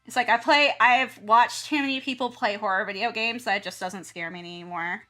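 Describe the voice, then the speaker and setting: A woman's voice: mid-range voice, brisk, pushed and bright, soft background music. A woman from the South, chatting casually on stream, rambling and laughing often as she acts out her own reactions. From American South. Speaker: art streamer and teacher. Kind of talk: casual chat while drawing on stream.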